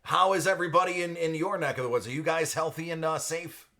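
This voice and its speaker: A man's voice: fairly high pitch, fairly even intonation, quick pace, pushed and bright. A man hosting a casual live stream, chatting with viewers by name and laughing often. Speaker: live stream host for card breaks. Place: at home.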